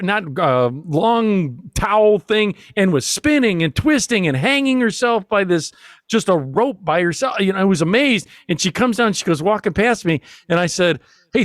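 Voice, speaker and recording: A man's voice: high voice, no echo, clean studio sound. A man hosting a podcast, telling a rambling comic story and laughing often at himself. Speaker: podcast host. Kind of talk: casual comedic storytelling.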